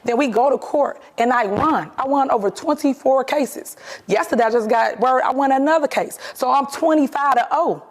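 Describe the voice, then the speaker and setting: A woman's voice: sits high, moderate pace. A woman, a mayor, answering interview questions in an assertive, defensive way, repeating her points firmly.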